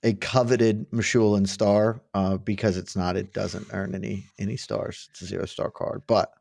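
A man's voice: fairly low pitch, flat delivery, normal speed, gravelly, darkish tone. A man co-hosting a casual sports-betting podcast, full of wry, joking banter. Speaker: podcast co-host.

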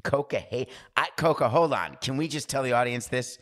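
A man's voice: mid-range voice, fairly quick, fairly bright tone. A man hosting a sports talk show in a casual, rambling monologue, drifting into digressions and asking rhetorical questions. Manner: chatty, asks rhetorical questions. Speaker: sports podcast host.

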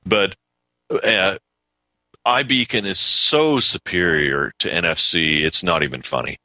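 Opinionated guy on a tech radio show, bright lowish voice, dry sound. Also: measured pace, dry recording, poor audio. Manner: opinionated, ranting. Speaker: tech pundit guest. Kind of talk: casual radio chat.

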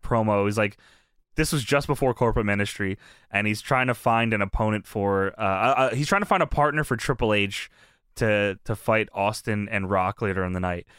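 A man's voice: lowish voice, fairly quick, a bit bright, smooth, no echo, clean studio sound. A young man co-hosting a casual chat, laughing often as he recounts scenes with quoted lines. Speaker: podcast co-host.

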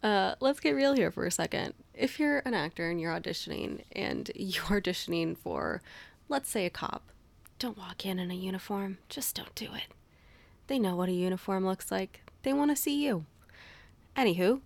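A woman's voice: medium pitch, expressive, normal speed, creaky, no echo. A woman hosting a podcast, chatting casually and reacting with frequent laughs. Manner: laughs often, reacts with short interjections. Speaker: podcast host. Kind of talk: casual chat.

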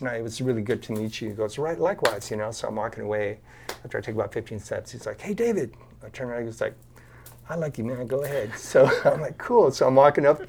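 Gravelly man telling a lively story. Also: medium pitch. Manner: animated storyteller acting out quotes. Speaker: podcast guest. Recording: video call.

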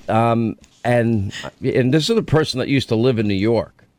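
A middle-aged man hosting talk radio in casual on-air banter. He teases and jokes at an ordinary pitch. His voice sounds dry and close, from a studio microphone. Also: unhurried, a little mellow, no room sound. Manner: teasing, joking. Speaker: radio talk show host.

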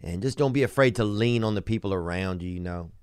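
A man hosting a podcast, talking loosely and warmly to a caller, rambling with laughing asides. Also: lowish voice, fast talker, clean tone, no echo, studio quality. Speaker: podcast host. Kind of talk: casual podcast chat.

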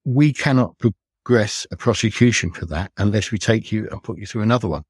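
An older man with a husky, low-pitched voice tells of past investigations as a podcast guest. He speaks in an earnest, measured and reflective way. The sound is dry, with no room echo. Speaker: retired police detective, podcast guest. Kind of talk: recounting cases in conversation.

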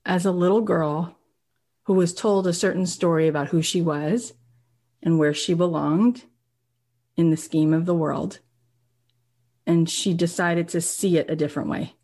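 A woman hosting a podcast, giving an emphatic, animated motivational talk and often checking in with her listeners. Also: fairly low pitch, measured pace, long pauses. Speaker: podcast host.

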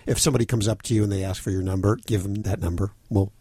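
A man's voice: on the low side, steady tone, very fast, warm tone, husky, dry recording. Easygoing male radio host, dry studio sound. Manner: jokey, easygoing, laughs with guests. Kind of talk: casual radio chat.

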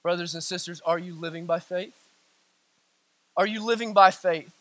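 A middle-aged man preaching a sermon in a church, building with emphatic repetition and dropping low and quiet for stories. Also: steady tone, normal speed. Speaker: pastor.

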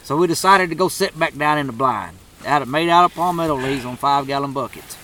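A man's voice: a little high, fast, pushed and bright, slight background noise, low-quality recording. A man telling a turkey hunting story in a drawling, profane, laid-back way. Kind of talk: casual storytelling.

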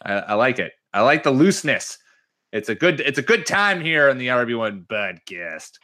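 A man's voice: mid-range voice, normal speed. A man with a Minnesotan accent hosting a casual sports podcast, joking and rambling with many restarts. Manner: animated, jokey, rambling with restarts. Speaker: podcast host.

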